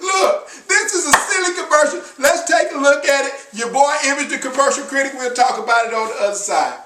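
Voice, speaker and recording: A man's voice: extremely high pitch, expressive, a little fast, roomy sound, recorded from a distance. A man reviewing commercials in a comedic vlog, talking animatedly with slang and frequent laughs.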